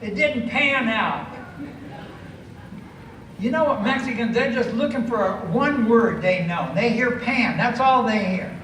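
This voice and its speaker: An American man performing a live stand-up routine, drawing out his words and breaking into shouts. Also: extremely high pitch, lively intonation. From United States. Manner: drawn-out, emphatic delivery, bursts of shouting. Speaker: stand-up comedian. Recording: echoey venue, mic from a distance, ambient noise.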